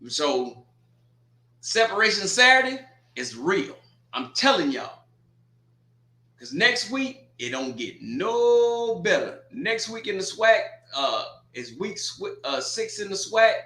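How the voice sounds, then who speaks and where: A man's voice: sits high, sing-song, slow, pushed and bright, reverberant. A man hosting a watch party, running through scores with blunt, teasing trash talk. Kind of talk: casual score rundown and commentary.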